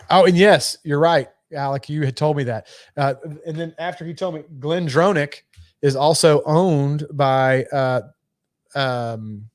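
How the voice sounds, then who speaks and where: A man's voice: medium pitch, no echo, studio quality. Laid-back profane man on a podcast. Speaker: podcast co-host. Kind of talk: casual chat.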